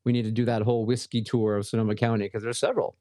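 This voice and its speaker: A man's voice: mid-range voice, level tone, racing, mellow, no echo, clean studio sound. A man co-hosting a casual podcast, easygoing and joking as he greets chat viewers by name. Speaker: podcast co-host.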